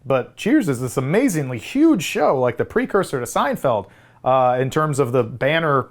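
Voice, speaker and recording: Animated male podcast co-host. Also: mid-range voice, moderate pace. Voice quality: animated, laughing often. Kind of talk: casual movie review chat.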